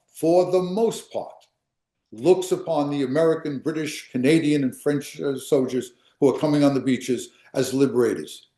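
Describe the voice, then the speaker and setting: A man's voice: fairly high pitch, warm tone, roomy sound. An older man, a history professor, lecturing emphatically and answering questions, often repeating and restarting phrases.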